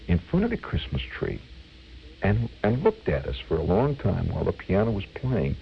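An older man telling a childhood memory as a vivid, animated radio storyteller. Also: on the low side, vocal fry, highs cut off.

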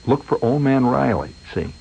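A man voicing a blunt mill official who gives instructions in a low, insistent, confiding way. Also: sing-song, normal speed, gravelly, warm tone, breathy edge, muffled recording, full character voice.

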